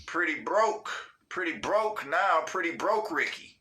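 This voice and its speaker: A man hosting a casual livestream, reading viewer comments aloud in an unhurried, slangy way. His voice sits a bit high and has a very bright, sharp edge. He swears freely and keeps breaking into laughter. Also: animated. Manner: laid-back, slangy and profane, cracking up often.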